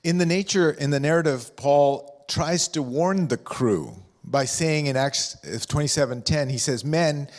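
Middle-aged pastor preaching in a reverberant hall. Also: male voice, fairly high pitch, measured pace, hardly any pauses. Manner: jokey, chatty, asks the room questions. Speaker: pastor and district superintendent. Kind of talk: sermon with humorous storytelling. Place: church hall with a live congregation.

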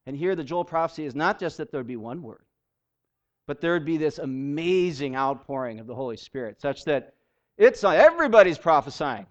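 Brisk and medium-pitched, a man delivers a conversational Bible teaching in a chatty style, restarting sentences and tossing in laughing asides. The recording sounds dull and lo-fi.

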